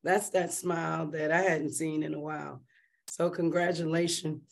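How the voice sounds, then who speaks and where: A woman on a video call chiming in with quick, encouraging remarks. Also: low voice, level tone, gravelly. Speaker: group call participant. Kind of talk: casual chat.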